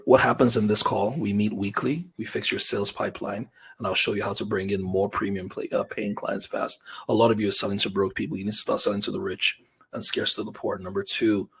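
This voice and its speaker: A man, hosting a live business webinar as a coach, talking straight to viewers in an energetic, casual way. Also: on the low side, vocal fry, slightly rough. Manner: energetic, conversational, talks directly to viewers with slang like bro and fam.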